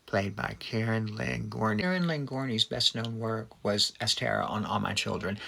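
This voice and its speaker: A man's voice: on the low side, gravelly, sharp tone. A middle-aged man hosting a casual film talk, chatty and gushing, with many ums and restarts. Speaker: host.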